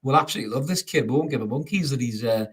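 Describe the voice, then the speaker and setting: A man in the middle of his natural pitch range, chatting casually with a co-host about his football club. He reads viewer comments aloud and banters. His tone is light and playful, with frequent laughs. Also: lively intonation, racing, slightly rough. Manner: jokey, laughs often, calls his co-host mate. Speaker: co-host of a football fan show. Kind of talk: casual chat reading live comments.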